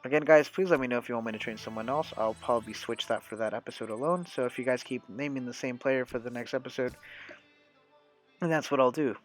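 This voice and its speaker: A man's voice: mid-range voice, quick pace, soft background music. A young man hosting a gaming channel, giving casual, upbeat let's-play commentary and talking straight to his viewers.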